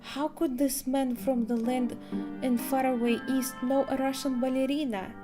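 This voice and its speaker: A woman's voice: high voice, level tone, normal speed, close to an everyday voice. A woman reading aloud the lines of a frightened young runaway ballerina, a little hesitant, with game music behind. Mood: fearful.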